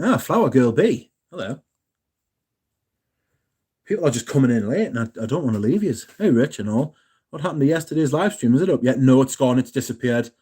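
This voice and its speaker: Hosting a relaxed live stream, this young man reads chat messages and keeps things jokey. His medium-pitched voice has a dark tone with a breathy edge.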